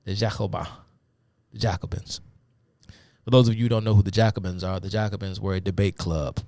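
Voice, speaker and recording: Deep gravelly man lecturing casually. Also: steady tone, quick pace, mellow, no echo. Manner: rambling, many fillers, addresses viewers as y'all. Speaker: host of a live talk stream. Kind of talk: casual live-stream lecture.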